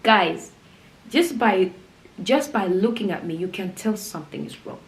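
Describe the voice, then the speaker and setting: A young woman telling a personal story in a vlog, animated and laughing often as she goes. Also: medium pitch, a little slow. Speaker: vlogger. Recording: roomy with faint background noise.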